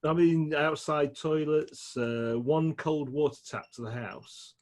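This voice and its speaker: A middle-aged man with a Yorkshire accent, telling stories in a chatty, animated way as an interview guest. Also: fairly high pitch, slow pace. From England. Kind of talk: casual storytelling chat.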